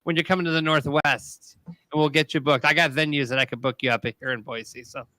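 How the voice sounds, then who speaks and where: A man's voice: fairly high pitch, steady tone, brisk, bright, forceful tone, no room sound. A man from the United States hosting a casual talk show over a video call, upbeat and thanking guests. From USA. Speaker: show host.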